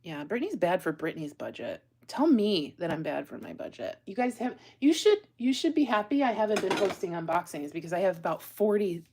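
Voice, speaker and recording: A woman's voice: lowish voice, big pitch swings, a little fast, hardly any pauses, a little mellow, breathy edge. A woman hosting a live jewelry-making stream, chatting casually and rambling to her viewers as she works. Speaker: jewelry-making livestream host. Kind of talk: casual live crafting chat.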